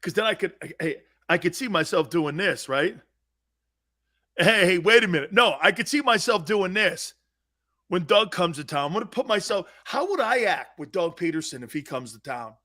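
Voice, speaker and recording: A male sports talk show host ranting loudly and mockingly, acting out angry fans in bits. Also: sits high, animated, moderate pace. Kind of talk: animated sports talk rant.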